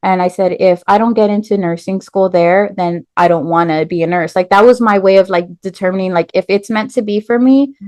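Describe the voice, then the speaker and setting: A woman tells her own story as a podcast guest, animated, with lots of "like" and "um" fillers. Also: mid-range voice, fairly quick, few pauses, no echo. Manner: animated storyteller, acts out quoted voices, many "like" and "um" fillers. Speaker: podcast guest, nurse and business owner. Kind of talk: casual storytelling interview.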